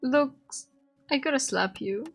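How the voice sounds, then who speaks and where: A woman's voice: high-pitched, slow pace, husky, soft background music. A woman streamer playing a game, reading its text aloud and reacting as she goes. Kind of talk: casual game commentary.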